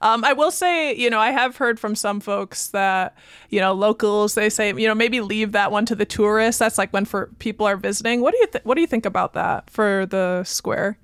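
A woman's voice: medium pitch, moderate pace, a bit bright, clean tone, dry recording. A woman hosting a casual chat, bubbly and gushing. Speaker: podcast host.

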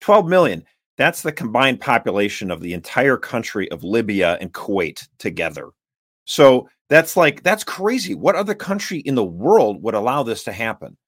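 A man hosting a political talk show, speaking in an animated, emphatic and exasperated way. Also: lowish voice, normal speed, breathy edge, no room sound. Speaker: podcast host.

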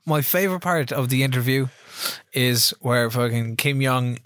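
A man's voice: medium pitch, normal speed, a bit bright, no room sound, studio quality. A man hosting a podcast, chatting casually, laughing easily and rambling through explanations. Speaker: podcast host. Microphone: studio microphone.

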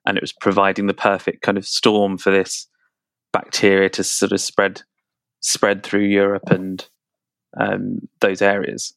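Lowish-voiced man asking halting questions. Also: monotone, vocal fry, a bit bright, no room sound. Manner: hesitant questions with repeated words. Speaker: podcast host. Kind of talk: interviewing.

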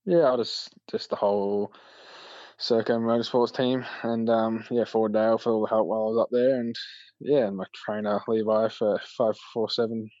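A man's voice: lowish voice, flat delivery, normal speed, mellow, no echo, lo-fi sound. A man, an injured rider, giving brief, easygoing answers in an interview. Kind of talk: casual interview.

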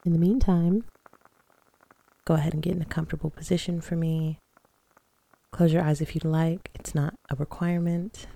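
A woman hosting a podcast who leads slow, calm breathing exercises and guided affirmations in a soothing manner. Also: sits low, gravelly, a little hiss or hum. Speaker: podcast host.

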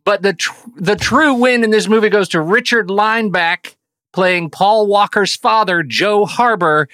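A man co-hosting a casual movie podcast, animated and laughing often, handing turns to the others. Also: high voice, measured pace, no room sound. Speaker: podcast co-host.

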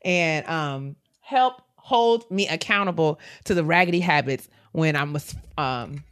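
A woman co-host reads listener letters aloud and answers her partner with animated, affectionate banter. Her voice is fairly low, yet her pitch swings widely as she talks. Her delivery is casual and expressive. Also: measured pace, smooth. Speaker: podcast co-host.

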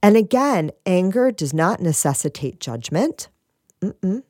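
A woman giving a gentle spiritual talk, repeating phrases and asking "right?", with a soft laugh now and then. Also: fairly low pitch, very animated, a little slow, dry recording, studio quality.

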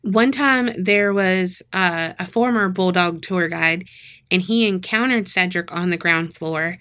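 A woman's voice: lowish voice, a little slow, fairly bright tone. A woman with a Southern American accent co-hosts a podcast and tells a crime story in casual chat. She laughs often and slips into voices to act out what people said. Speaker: podcast co-host.

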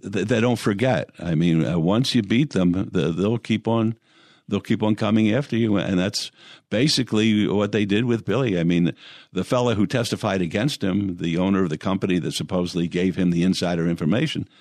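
An older man, a guest in an interview, telling long anecdotes and pausing often on fillers and restarts. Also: sits low, darkish tone, no room sound, studio quality. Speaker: interview guest, former lawyer and mayor. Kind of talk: storytelling in conversation.

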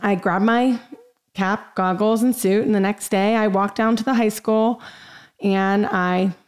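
A woman's voice: mid-range voice, fairly even intonation, measured pace. A young woman hosting a podcast, telling a personal story in an upbeat, chatty way with many fillers. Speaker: podcast host.

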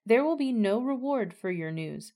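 A stern male army commander who refuses flatly, read by a woman in a scripture reading. The voice sits a little lower and stays firm. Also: normal speed.

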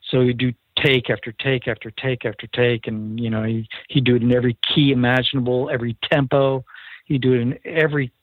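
Man, recording engineer, earnest storyteller, mid-pitch voice, tinny phone-line sound. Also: level tone, brisk, no echo. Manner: earnest storyteller who acts out quoted dialogue. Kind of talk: storytelling in an interview.

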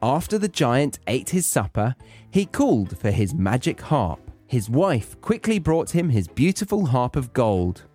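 A man's voice: mid-range voice, very animated, measured pace, mellow, faint music behind. A British man hosting a podcast, reading a children's story aloud with wry, joking asides. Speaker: podcast host. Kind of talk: story reading with comic commentary.

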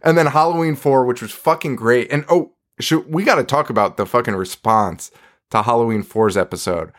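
A man's voice: mid-range voice, normal speed. A man in his thirties co-hosting a podcast, talking casually, swearing and laughing a lot. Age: 30s. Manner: animated, swearing, laughing often. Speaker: podcast co-host. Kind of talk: casual chat.

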